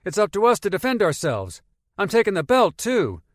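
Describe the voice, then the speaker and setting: A man voicing an excited teenage boy in an audiobook, loud and boastful, pitched well above his own voice. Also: moderate pace, no echo, studio quality. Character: excited teenage boy, brash and gun-happy. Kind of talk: audiobook character voice.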